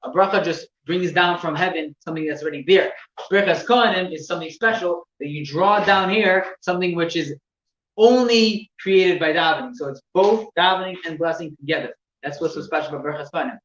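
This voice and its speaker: Guy explaining rules to a class, kinda high voice, stops and repeats words, echoey room, dull recording. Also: a bit bright. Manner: halting, repeats words, shows gestures. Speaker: teacher. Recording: echoey room, distant mic, dull sound with faint noise.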